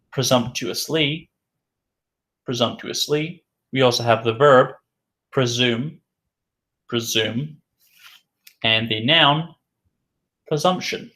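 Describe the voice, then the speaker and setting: A man teaching an English vocabulary lesson, saying each word slowly and repeating it several times for learners. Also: mid-range voice, fairly bright tone.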